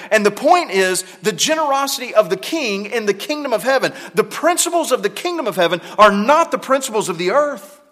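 A male pastor preaching a sermon in a church, moving between hushed, low passages and loud, emphatic pushes. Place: church sanctuary. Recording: long hall reverb.

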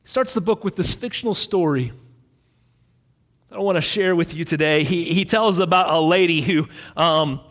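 A man pastor preaching a sermon in a relaxed, storytelling way with frequent fillers. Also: on the high side, normal speed, in a large hall.

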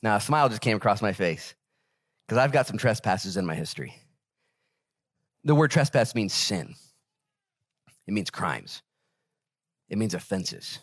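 A male pastor preaching a sermon in an animated, conversational way and joking with the congregation. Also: lowish voice, measured pace, long pauses, no echo, studio quality.

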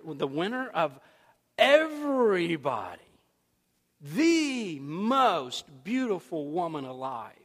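A man preaching a sermon, retelling a story in a conversational, folksy, animated way. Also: a little high. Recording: long reverb in a large hall.

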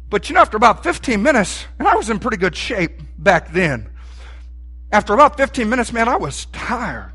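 A man, preaching a sermon in a folksy, animated way and asking the room questions. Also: high voice, brisk. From Texas.

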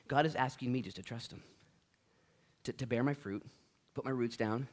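A man's voice: mid-range voice, quick pace. A middle-aged male pastor preaching a conversational sermon, acting out little dialogues along the way.

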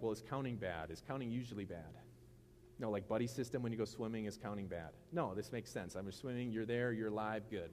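A man's voice: medium pitch, darkish tone, a little hiss or hum. A middle-aged man preaching a casual sermon as pastor, with conversational jokes and asides.

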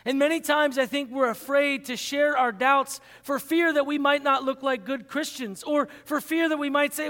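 Male pastor, sermon, high-pitched, hall reverb, emphatic repetition. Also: bright, forceful tone. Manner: emphatic, repeating key phrases for stress. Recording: long reverb in a large hall.

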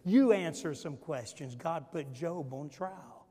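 A man's voice: fairly high pitch, lively intonation, slow, hardly any pauses, warm tone, slightly rough, big-room sound. A male pastor preaching a sermon, emphatic and asking the congregation questions. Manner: emphatic, call-and-response questions.

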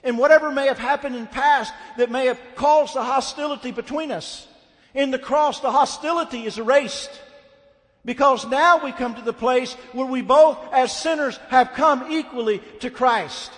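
High-voiced preacher in a reverberant hall. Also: male voice, moderate pace, a bit bright. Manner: blunt, emphatic preaching with rising fervor. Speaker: pastor. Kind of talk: sermon. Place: church sanctuary.

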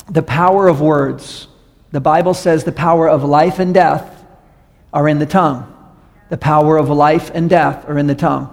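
A man's voice: on the high side, fairly even intonation, moderate pace, vocal fry. A man preaching a sermon to a congregation, telling stories and acting out the voices in them. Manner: storytelling, acts out voices in stories. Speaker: pastor. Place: church sanctuary. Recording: long reverb of a large hall.

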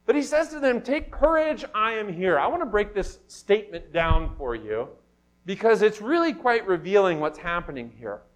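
Animated man preaching a sermon. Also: high-pitched, normal speed. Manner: animated preaching, rising to loud emphatic questions. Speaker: pastor.

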